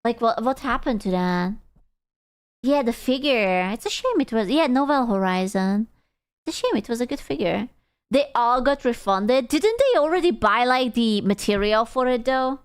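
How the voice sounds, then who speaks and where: A young woman streaming, chatting casually in a playful, silly way and breaking into excited squeals. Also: a little high, normal speed, clear, resonant tone. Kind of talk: casual livestream chat.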